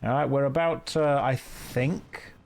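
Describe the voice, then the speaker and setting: A man's voice: mid-range voice, steady tone, slow pace, gravelly, darkish tone. A man streaming from home on a desk microphone, chatting playfully with viewers while he plays. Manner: playful, jokey, chats with viewers. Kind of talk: casual live game stream commentary.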